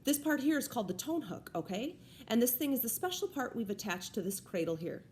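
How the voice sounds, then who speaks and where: A woman's voice: a little high, very animated, fairly quick, a little mellow, a little hiss or hum. A woman voicing a friendly, joking male ear doctor who reassures a child. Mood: reassuring. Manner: jokey, reassuring.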